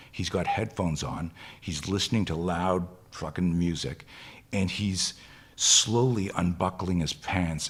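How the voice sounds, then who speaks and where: A man with a very deep, husky voice tells a gripping story as a podcast guest. He talks with intensity and swears freely, slipping into the voices of the people in his tale. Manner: intense, profane, acts out quoted dialogue. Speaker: guest, self-defense instructor.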